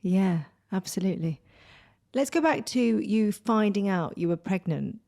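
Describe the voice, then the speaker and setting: A woman hosting a podcast interview, asking unhurried questions and reacting briefly. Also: mid-range voice, animated, gravelly, mellow. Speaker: podcast host. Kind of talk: interview chat.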